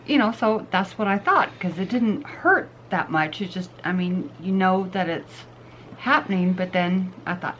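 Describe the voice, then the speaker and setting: A middle-aged woman joins the storytelling casually and adds quick details of her own. Her voice has an everyday pitch, with faint noise behind it. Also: fairly bright tone, dull audio. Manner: chimes in with quick additions. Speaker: vlog co-host. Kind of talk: casual chat.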